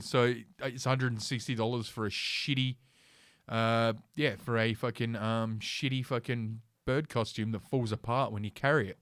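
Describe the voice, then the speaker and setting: A man's voice: medium pitch, fairly even intonation, moderate pace, a bit bright, no room sound, studio quality. A man hosting a casual ranting commentary stream from his computer, reading news aloud with sarcastic, profane asides and lots of fillers. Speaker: host.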